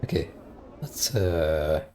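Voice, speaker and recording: A man's voice: a bass voice, very animated, takes it slowly, mellow, a little hiss or hum. A man streaming a role-playing game, chatting casually with lots of hesitations and reading the game text aloud. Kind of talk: casual let's-play commentary. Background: game music.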